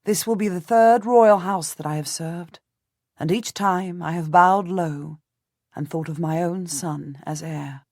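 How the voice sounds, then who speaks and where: A woman narrating a historical audiobook in the first person, measured and composed. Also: on the low side, a little mellow, no room sound, clean studio sound.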